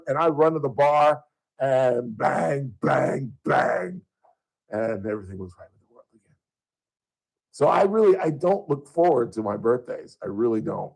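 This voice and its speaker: A middle-aged man hosts a radio show and tells rambling stories in a relaxed, chatty way. His pitch sits mid-range for a man. When he gets worked up, his voice shoots high and loud. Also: low-quality recording. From Southern California. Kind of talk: casual on-air storytelling.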